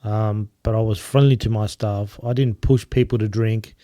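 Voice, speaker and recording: A man's voice: fairly low pitch, steady tone, moderate pace, dark tone, no room sound, studio quality. A man chatting casually as a guest, telling stories about running a bar and laughing at his own anecdotes. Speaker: guest, former bar owner. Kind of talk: casual storytelling chat.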